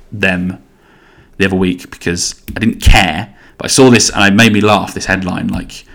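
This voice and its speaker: A man's voice: low-pitched, vocal fry, a bit bright. A man in his thirties hosting a solo podcast, rambling casually and swearing as he goes. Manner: rambling, sweary, self-interrupting. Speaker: podcast host.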